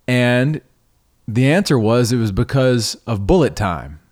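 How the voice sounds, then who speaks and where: A man's voice: mid-range voice, moderate pace. A middle-aged man hosting a podcast, telling a personal story in a conversational way, often restarting and repeating words. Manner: conversational, restarts and repeats words, animated when quoting himself. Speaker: podcast host.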